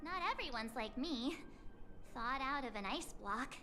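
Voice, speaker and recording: A woman's voice: high voice, animated, unhurried, sharp tone, faint music behind, heavily acted. An actress playing a bubbly, upbeat girl who was made from ice, speaking in a game. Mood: cheerful. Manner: chirpy, upbeat.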